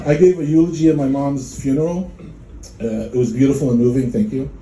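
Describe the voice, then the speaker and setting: A man from Poland in his thirties performing a stand-up comedy set at a club, deadpan and dark, slipping into mocking voices. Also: mid-range voice, brisk, very noisy. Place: comedy club before a live audience. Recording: echoey room with crowd laughter.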